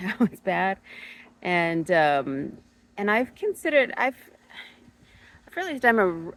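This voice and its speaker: Soft-spoken woman with gravelly fry. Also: lowish voice, slight background noise, rough recording. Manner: thoughtful, hesitant, many fillers and restarts. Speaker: spiritual podcast host. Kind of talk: reflective personal monologue.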